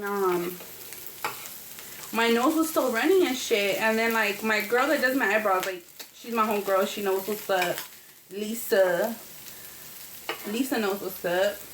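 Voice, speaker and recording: A woman vlogger telling a rambling, profane story while cooking in her kitchen, with food sizzling in the background. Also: medium pitch. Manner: chatty, profane, rambling with many fillers. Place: home kitchen. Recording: echoey kitchen, faint noise. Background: food frying and sizzling.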